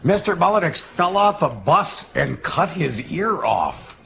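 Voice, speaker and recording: High, gravelly man hosting a horror show. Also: very animated, measured pace, pushed and bright, a little hiss or hum. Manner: rambling, playful storyteller. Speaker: horror movie host. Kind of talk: joking studio banter.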